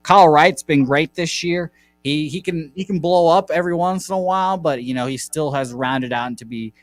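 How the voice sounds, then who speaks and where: Man, sports betting host, rambling casual chat, reels off stats, mid pitch. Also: brisk.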